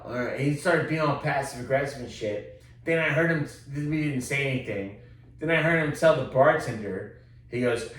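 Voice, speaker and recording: Texan man, casual profane podcast co-host, lively rants, set back from the mic in a roomy space. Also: medium pitch. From Texas. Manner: profane, animated storytelling, loud when quoting himself. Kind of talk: casual chat. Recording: roomy echo, distant mic.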